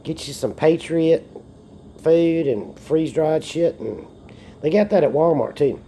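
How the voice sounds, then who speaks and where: A man's voice: a little high, animated, a little slow, warm tone, a little hiss or hum. A man, a bit tipsy from beer, rambling and joking through a casual monologue recorded on a phone and swearing often. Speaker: vlogger.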